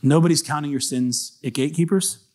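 A man's voice: fairly high pitch, a little fast, a little mellow. A male pastor giving a casual, earnest sermon in a conversational way. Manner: casual, earnest, acts out short quoted lines.

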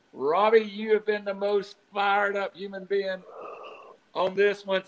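Male sports podcast host, high voice, brisk banter. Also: fairly bright tone, rough recording. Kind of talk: casual sports podcast chat.

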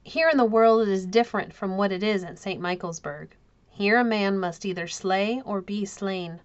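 A woman's voice: mid-range voice, normal speed, dull audio, close to an everyday voice. Woman reading as a grim medieval baron. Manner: grim, commanding. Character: stern grim medieval baron, middle-aged man.

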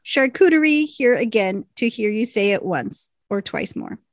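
A woman's voice: fairly high pitch, lively intonation, moderate pace, dry recording, studio quality. A British woman co-hosting a casual podcast, reading listener emails aloud and laughing often. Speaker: podcast co-host.

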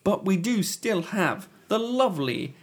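A man's voice: high-pitched, big pitch swings, a little slow. A man hosting a podcast, joking and punning in a mock-grand way. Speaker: podcast host. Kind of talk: jokey podcast banter.

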